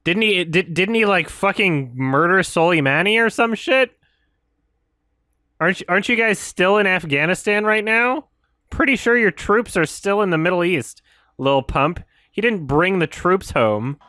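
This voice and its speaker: Give me a Canadian-raised man with a bright, fairly high voice, ranting incredulously with stammered restarts. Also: animated, measured pace, no echo, studio quality. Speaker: streamer host. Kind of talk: casual ranting commentary.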